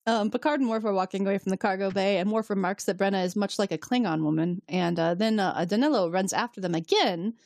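A woman's voice: medium pitch, quick pace, gravelly, hardly any pauses, darkish tone, no echo, clean studio sound. A woman co-hosting a podcast, recapping an episode in casual chat, laughing often and swearing freely.

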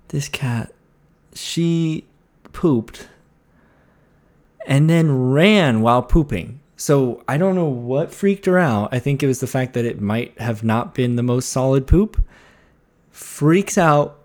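A young man chatting casually on his own music podcast, recorded at home in his apartment. His voice sits at a middle pitch for a man. He rambles, laughs easily and fills his talk with constant "like"s. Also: darkish tone. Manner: rambling, laughing, lots of "like" fillers. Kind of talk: casual solo podcast chat.

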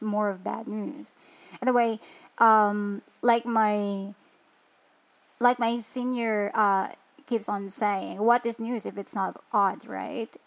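A woman hosts a faith-centered motivational show. She talks in a chatty way, turning often to the listener with rhetorical questions. Her voice sits at a middle pitch. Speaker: show host. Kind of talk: faith-based motivational talk.

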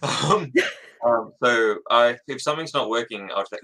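A man's voice: mid-range voice, normal speed, sharp tone, poor audio. A man talking as an author guest in a casual interview, jittery and rambling, laughing often and running his thoughts together.

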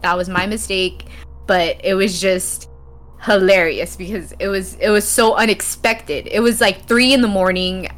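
A woman's voice: medium pitch, a little slow. Chatty laughing woman telling gaming stories. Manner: animated, laughs often while telling stories. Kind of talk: casual chat, storytelling.

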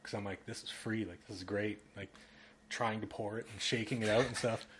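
A man's voice: on the low side, steady tone, brisk, a bit bright, slight background noise. A man co-hosting a podcast in casual chat, a laid-back storyteller who fills his talk with "like". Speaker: podcast co-host, graphic designer.

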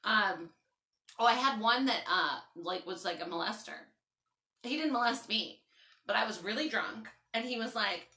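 Young woman, podcast host with a runny nose; bright, lively storyteller, roomy sound. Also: mid-range voice, moderate pace. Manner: animated, swearing storyteller, lots of "like". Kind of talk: casual chat. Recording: echoey room.

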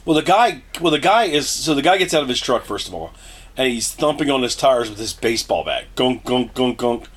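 A man's voice: mid-range voice, brisk, husky. A man co-hosting a podcast, chatting casually about a film and acting out quotes with swearing. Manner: lively, acts out quotes, swears. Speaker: podcast co-host. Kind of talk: casual movie recap chat.

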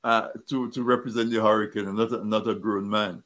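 A lower-voiced man hosts an interview and talks through long questions. He stumbles often, repeating words and restarting his sentences as he goes. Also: flat delivery, a little fast, fairly bright tone. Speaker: interview host. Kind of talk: interview talk.

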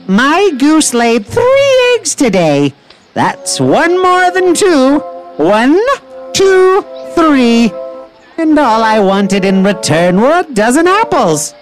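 A woman plays an irritable storybook woman who grumbles and huffs. Her voice is fairly high and swings widely in pitch, and she keeps an unhurried pace. Faint music runs under her lines. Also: very animated, full character voice. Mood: indignant. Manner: indignant, complaining. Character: grumpy exasperated woman with a goose. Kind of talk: animated storybook voice acting.

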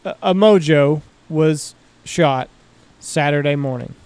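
A man's voice: fairly high pitch, slow pace, darkish tone, smooth, dry recording. A man co-hosting a podcast, trading teasing, wry banter in a casual chat. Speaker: podcast co-host.

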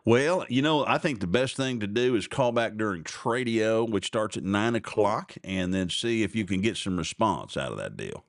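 A man's voice: on the low side, animated, moderate pace, hardly any pauses, no room sound, clean studio sound. Folksy rambling male radio host. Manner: folksy, meandering, repeats himself. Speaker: radio talk show host. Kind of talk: casual rambling radio chat. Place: radio studio.

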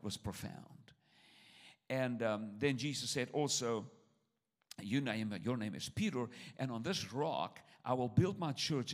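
A man with a foreign accent preaching a sermon in a church, switching between loud exhortation and quiet asides. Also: medium pitch. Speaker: traveling preacher. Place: church service.

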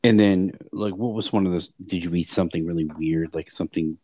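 A man's voice: low-pitched, brisk, mellow, no room sound. A man hosting a casual podcast, asking joking questions and teasing his co-host. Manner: teasing, chuckling, loose phrasing.

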